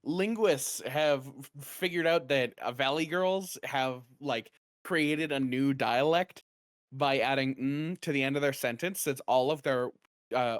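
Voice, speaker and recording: A man's voice: medium pitch, a little slow, smooth, dry recording, studio quality. A man from the American South or Southwest co-hosting a podcast, rambling casually and laughing often. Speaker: podcast co-host.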